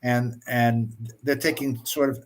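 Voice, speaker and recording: A man's voice: mid-range voice, flat delivery, a little slow. A man chatting casually on an online show, telling stories in a rambling way with many restarts. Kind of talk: casual chat, storytelling.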